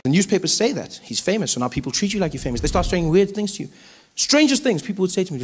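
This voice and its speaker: A South African man doing stand-up, his voice sitting high and lively as he drifts in and out of impressions. A faint hum of ambience sits under the set. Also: fast. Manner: animated, switches into mimicked voices. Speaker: stand-up comedian. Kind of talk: stand-up comedy.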